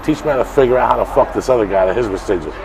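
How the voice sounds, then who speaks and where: Gravelly man telling blunt, profane street stories. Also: mid-range voice, rapid-fire. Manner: blunt, swearing, builds to loud animated bursts. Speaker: interview guest. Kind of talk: profane storytelling in conversation. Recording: street crowd and traffic behind.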